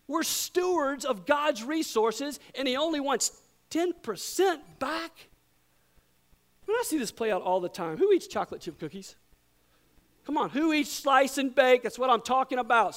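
A middle-aged man preaching with a strikingly high voice. He tells his story with animated energy, booming one moment and dropping to a hush the next. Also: measured pace. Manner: animated storytelling, swinging from loud to hushed. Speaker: pastor. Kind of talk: sermon.

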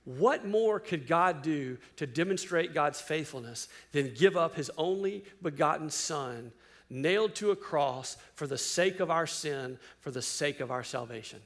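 A man preaching a sermon, firing rhetorical questions at his listeners and swinging between loud emphasis and hushed lines. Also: a little high, animated, unhurried. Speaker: pastor.

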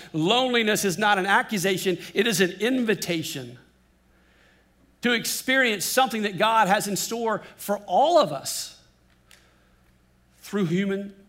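A man preaching a sermon, swinging between emphatic lines and hushed, drawn-out words for effect. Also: high-pitched. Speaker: pastor.

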